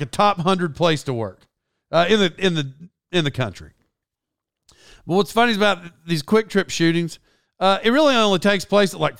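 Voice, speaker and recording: Rambling Oklahoma man, gravelly voice. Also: high-pitched, a bit bright, no echo, studio quality. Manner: rambling, self-correcting, laughs often. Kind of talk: casual storytelling chat.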